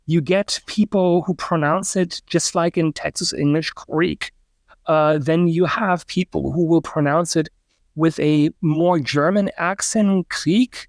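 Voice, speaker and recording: A middle-aged man with a slightly raised pitch explains his field as a podcast guest, pausing often on uh and um. He sounds out example words as he goes, like a lecturer. The sound is dry and close, with no room around it. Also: no echo. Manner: lecturing, demonstrates pronunciations aloud, frequent uh and um. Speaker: linguistics professor, guest.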